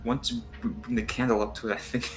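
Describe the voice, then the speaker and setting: A man playing a tabletop game, joking around and planning out loud in casual chat. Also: mid-range voice, flat delivery, fast talker, soft background music. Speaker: player.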